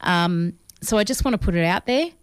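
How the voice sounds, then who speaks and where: An Australian woman co-hosting a podcast, chatting casually about films in an animated, self-deprecating way. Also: lowish voice, a little fast, clear, resonant tone, dry recording, studio quality. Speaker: podcast co-host.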